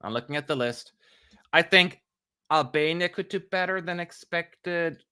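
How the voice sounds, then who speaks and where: Hosting a live stream, a German man chats casually, makes fun of himself with dry sarcasm, and reads viewer questions out loud. His bright, forceful voice sits on the high side and moves a little slowly, clear and resonant, with a dry, close sound and no echo.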